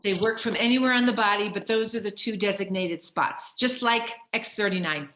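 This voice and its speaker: A woman's voice: mid-range voice, moderate pace, a bit bright, reverberant, slight background noise. A woman hosting a casual group video call, cheerful and encouraging, calling on people by name. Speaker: call host.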